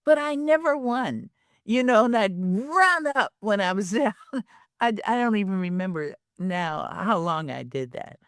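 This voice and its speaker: An older woman telling a personal story as a podcast guest, animated, often laughing and acting out the dialogue. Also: mid-range voice, measured pace, dry recording, clean studio sound.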